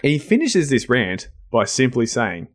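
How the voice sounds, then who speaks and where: A man's voice: medium pitch, sing-song, a little slow. A man co-hosting a podcast in casual chat, enthusiastic and laughing often, with many fillers and restarts. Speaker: podcast co-host.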